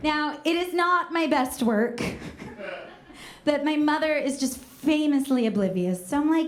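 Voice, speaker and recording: A woman from Northern California telling a comedic personal story on stage, lively and self-mocking, acting out the voices she quotes. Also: sits high, a little slow, echoey room.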